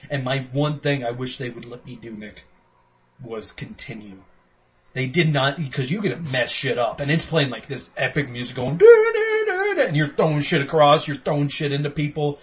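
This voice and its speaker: A man co-hosting a podcast game review, ranting profanely and excitedly while acting out quotes. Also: mid-range voice, moderate pace. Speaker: podcast co-host. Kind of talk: casual game review chat. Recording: dull lo-fi sound with faint noise.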